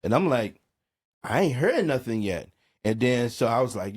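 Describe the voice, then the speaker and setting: A middle-aged music producer from New Orleans, USA, appears as a podcast guest and tells a personal story in casual talk. His medium-pitched, slightly rough voice moves at normal speed, and he animatedly acts out quoted dialogue, dropping "bro" and "man" throughout.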